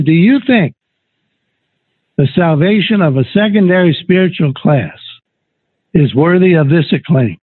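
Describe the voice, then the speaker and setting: Man, Bible study teacher, slow and deliberate, slightly high husky voice, dry tinny phone recording. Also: no room sound. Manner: slow, deliberate, reads scripture aloud.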